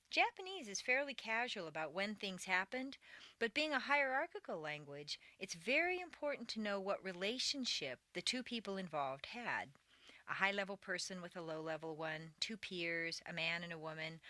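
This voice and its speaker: A woman reading a scripted English pronunciation lesson, with clear, deliberate speech and exaggerated intonation in the drills. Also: mid-range voice, bright, forceful tone, no room sound. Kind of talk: scripted audio lesson narration.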